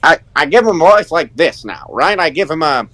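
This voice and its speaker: A man who is a voice actor, chatting casually and telling animated stories, slipping into voices as he goes. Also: fairly high pitch, a little fast, rough recording. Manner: animated storytelling, slips into voices. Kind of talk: casual chat in a voice chat.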